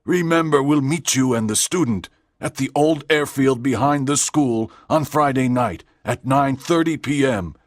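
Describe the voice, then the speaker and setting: A woman voicing a commanding male alien leader who speaks with a strange, deep, husky voice, in a storybook reading for English learners. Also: measured pace, no echo, clean studio sound.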